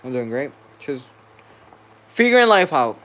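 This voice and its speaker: A man's voice: a little high, big pitch swings, unhurried, bright, forceful tone, a little hiss or hum. A man venting to camera in a vlog, angry and profane, repeating himself as he rants. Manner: heated, profane, repetitive venting. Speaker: vlogger.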